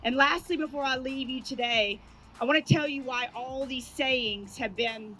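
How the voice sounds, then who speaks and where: Woman, motivational speaker, high and bright, fires up the crowd. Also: normal speed, rough recording. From Atlanta, Georgia, US. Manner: energetic, hype-building, talks straight to the crowd. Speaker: motivational speaker, former sportscaster. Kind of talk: motivational speech. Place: outdoor park at a sports opening ceremony.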